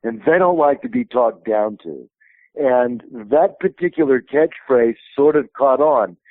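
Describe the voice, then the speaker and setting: Phone-in guest: a man in his fifties, a wrestling promotion president, a rambling storyteller at mid pitch, heard over a thin telephone line. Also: expressive, measured pace, no echo. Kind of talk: phone interview, telling stories.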